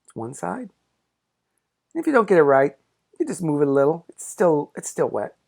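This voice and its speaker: Man with a lively, swooping voice, cheerful and encouraging, for a hands-on craft tutorial. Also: on the high side, normal speed, creaky. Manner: upbeat, encouraging, playful. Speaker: pop-up book artist teaching a craft.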